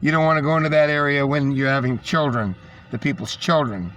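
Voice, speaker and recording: A man's voice: a little high, brisk, a bit bright. A man delivering a rambling, scornful monologue, repeating himself as he tells a story. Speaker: podcast host. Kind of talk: ranting monologue.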